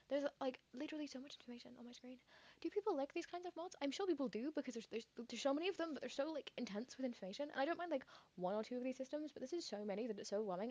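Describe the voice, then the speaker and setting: A woman's voice: a little high, a little mellow, highs cut off. Chatty woman streaming a game. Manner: chatty, rambling, thinks aloud with many fillers. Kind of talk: casual gameplay commentary.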